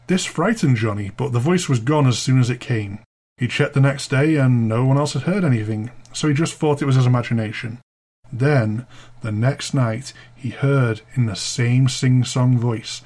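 A man's voice: medium pitch, normal speed, darkish tone. Guy telling a spooky story, chatty and wry, medium voice. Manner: wry, chatty, dryly amused. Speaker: podcast host and storyteller.

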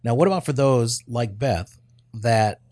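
A man's voice: medium pitch, expressive, measured pace, darkish tone, no room sound, studio quality. A man co-hosting a church talk show in a casual discussion, earnest and asking probing questions.

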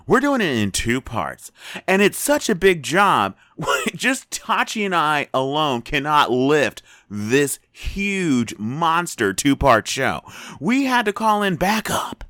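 A man's voice: a little high, very animated, takes it slowly, pushed and bright, no echo, clean studio sound. A man co-hosting a casual podcast, playful and laughing often as he talks. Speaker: co-host.

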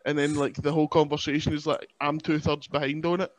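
A man's voice: a little high, level tone, quick pace, dry recording. A young Scottish man hosting a casual podcast chat, self-mocking and laughing often. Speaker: podcast host.

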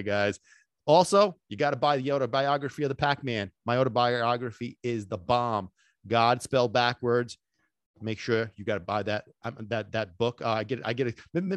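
Excitable man hosting a dog podcast. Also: mid-range voice, no echo. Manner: excitable and emphatic, drops in Sicilian phrases, swears casually. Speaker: dog trainer and podcast host. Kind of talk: energetic solo podcast talk.

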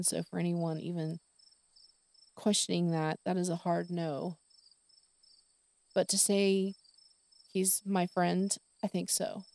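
Gravelly-voiced woman rambling candidly. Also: lowish voice, dark tone, no echo. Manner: rambling, candid, with many fillers and quoted dialogue. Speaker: podcast host. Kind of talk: casual personal monologue.

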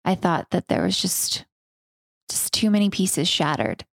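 Woman host, intimate spoken-word storyteller, slow and deliberate, dry close mic, earnest with casual swearing. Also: lowish voice, gravelly, no room sound.

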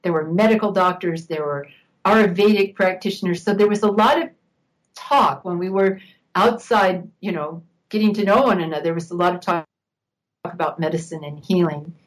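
A woman's voice: lowish voice, moderate pace, rough recording. An older woman, a guest on an interview show, reminiscing at length with an occasional laugh. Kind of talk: interview storytelling.

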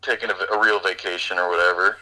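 A man's voice: low voice, fast, poor audio. A man co-hosting a podcast, casually retelling a movie plot with lots of fillers. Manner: rambling, animated retelling with fillers. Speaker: podcast co-host reviewing a movie. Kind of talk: casual chat.

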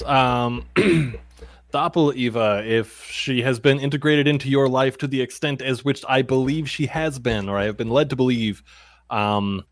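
A man playing his character in a tabletop role-playing game, playful and quick to laugh. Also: mid-range voice, no echo, studio quality. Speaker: player.

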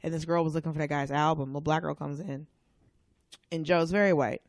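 A woman guest on a podcast, chatting casually and acting out the people in her stories in loud, lively voices. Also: low-pitched, brisk, dry recording, studio quality. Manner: animated storyteller, acts out quotes loudly. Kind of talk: casual chat.

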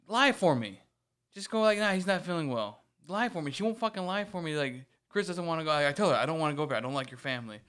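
A man's voice: medium pitch, clear, resonant tone. A man telling a story in casual chat, swearing often and acting out what others said. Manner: animated storytelling, swears often, acts out quotes. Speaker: podcast co-host.

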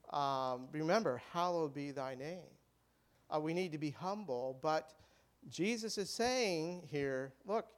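A man preaching a sermon as a pastor, speaking conversationally with fillers and restarts. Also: fairly high pitch.

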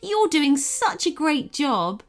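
An upbeat grown woman who runs a rescue shelter, talking warmly and eagerly in a storybook reading. Her voice sits fairly high and bounces lively up and down, put on by a woman narrator. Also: slow, exaggerated voice. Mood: excited. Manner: warm, chatty and enthusiastic. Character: cheerful adult woman running an animal shelter.

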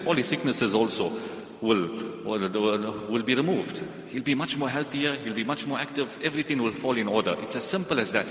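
A man preaching a Friday sermon, telling a story with lively gestures in his voice and playing each character in turn. His voice sits at an average pitch for a man. The mosque hall rings around him with a long, roomy reverb. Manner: animated storyteller who acts out the characters. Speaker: imam giving Friday lecture.

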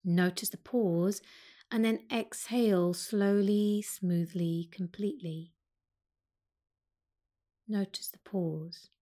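A woman teaching yoga, speaking slowly and calmly as she guides a breath meditation. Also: medium pitch. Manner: slow, calm and soothing.

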